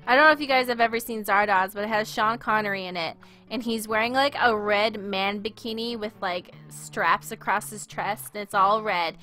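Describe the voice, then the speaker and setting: A woman's voice: mid-range voice, normal speed, bright, forceful tone, faint music behind. A woman streaming a game, rambling through awkward, self-deprecating commentary. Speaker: let's play streamer.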